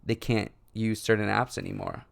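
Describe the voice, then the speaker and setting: A man's voice: lowish voice, normal speed, vocal fry, slight background noise. A young man co-hosting a podcast in casual chat, talking loosely with lots of fillers and frequent laughs. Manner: laughs often, filler-heavy, animated. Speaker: podcast co-host.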